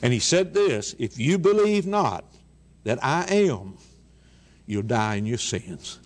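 A male preacher delivering a sermon at a slow, deliberate pace. His voice sits in an ordinary middle register. He presses his points through repetition and sinks low and quiet on the words he stresses most. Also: very animated. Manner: emphatic, repeats phrases, drops low on key words.

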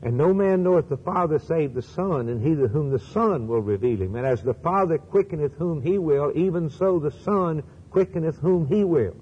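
A man's voice: on the high side, animated, moderate pace, few pauses, husky. A man preaching a sermon on a broadcast, emphatic, repeating phrases for stress and quoting scripture. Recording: lo-fi broadcast with long reverb.

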